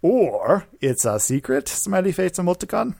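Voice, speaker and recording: A man's voice: high-pitched, big pitch swings, normal speed, vocal fry, a little mellow, no echo, voice pushed up, heavily acted. A man putting on a mock-Ukrainian chatbot boy. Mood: pushy.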